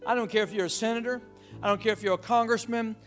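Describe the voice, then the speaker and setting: A man preaching a sermon, emphatic and animated, calling out to the congregation. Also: high voice, quick pace, soft background music. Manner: emphatic, call-and-response, animated.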